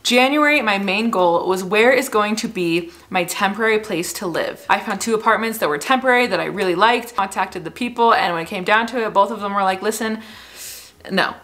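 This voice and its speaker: Chatty young woman vlogger. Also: mid-range voice. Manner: chatty, animated storytelling with laughs. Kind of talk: casual bedtime chat to camera. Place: house she is house-sitting, indoors.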